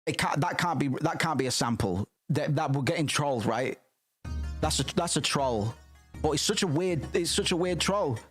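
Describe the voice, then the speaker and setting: A man streaming casually and reacting to music, rambling and excitable, with frequent swearing. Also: fairly high pitch, normal speed, husky.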